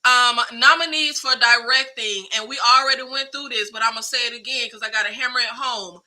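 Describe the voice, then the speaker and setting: Woman, film chat host, super bright voice, kinda high, slangy and emphatic. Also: brisk, rough recording. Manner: animated, slangy, emphatic, laughs often. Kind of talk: casual chat.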